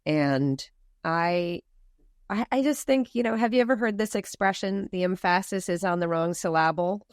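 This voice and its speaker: A woman from the United States speaking as a podcast guest, animated and emphatic, with many rhetorical questions. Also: fairly low pitch, moderate pace, no room sound, studio quality. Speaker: farm movement founder, guest. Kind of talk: podcast interview.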